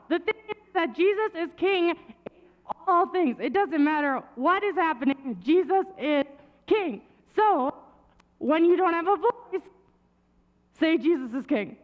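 Woman leading a children's talk in church, high and strained, losing her voice, dull recording with long reverb. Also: lively intonation, measured pace. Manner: chatty, laughing at herself. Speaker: children's message leader.

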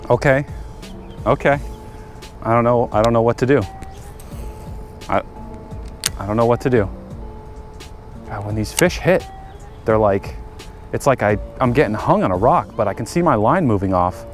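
A man's voice: mid-range voice, animated, moderate pace, pauses often, faint music behind. A man talking casually to viewers while working on his car and fishing at a lake, chatty and easily frustrated. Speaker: fishing vlogger. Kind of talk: casual vlog narration. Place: outdoors by a lake.

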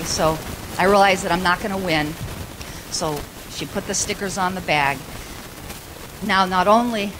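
A woman pastor preaching a sermon, telling a personal story in a chatty, animated way and acting out the other people's lines. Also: fairly low pitch. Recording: live church recording with steady background noise.

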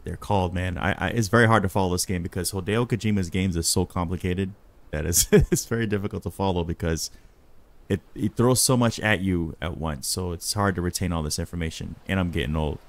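Deep-voiced laid-back game commenter. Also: male voice, fairly quick. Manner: laid-back, rambling, chatty. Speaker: gaming channel host. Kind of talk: casual gameplay commentary.

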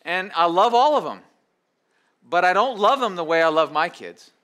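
Middle-aged male pastor, bright and slightly high voice, chatty preaching with playful asides. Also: lively intonation. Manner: conversational preaching with quick acted asides. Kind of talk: sermon.

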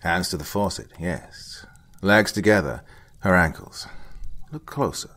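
A man playing an older, blunt forensic investigator who lectures in short, curt sentences with a husky voice. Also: deep voice, unhurried, fairly bright tone. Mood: curt, lecturing. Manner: blunt, curt, lecturing, some lines whispered. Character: gruff veteran male forensic investigator, blunt.

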